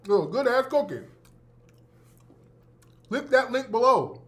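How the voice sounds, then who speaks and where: A man's voice: extremely high pitch, big pitch swings, slow pace, long pauses, fairly bright tone. A man hosting a radio show, giving brash, sarcastic commentary full of slang and repeating his points for emphasis. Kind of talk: opinionated talk-radio commentary.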